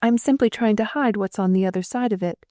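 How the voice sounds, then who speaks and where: A timid, earnest young nurse, put on by a woman reading an audiobook. She speaks high and plaintively, with an eager stammer. The mellow voice sits in a dry, close recording. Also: a little fast, no echo, close to an everyday voice. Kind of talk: audiobook character voice.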